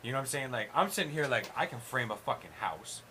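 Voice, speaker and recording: A man's voice: mid-range voice, animated, fast talker, sharp tone, poor audio. A man hosting a casual chat, rambling and swearing, restarting his sentences. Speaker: host. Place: studio room. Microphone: 360 camera. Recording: hissy room recording.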